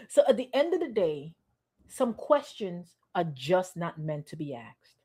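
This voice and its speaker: A woman's voice: medium pitch, sing-song, normal speed, darkish tone. A woman pastor giving a sermon in a conversational, repetitive, playfully sarcastic way.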